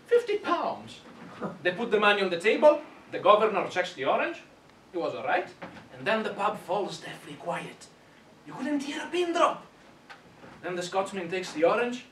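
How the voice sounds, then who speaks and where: A man's voice: high-pitched, sing-song, moderate pace, pauses often, a bit bright, a little hiss or hum. A man telling a long shaggy-dog joke in stand-up, building mock suspense. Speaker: stand-up comedy performer. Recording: echoey room, far from the mic.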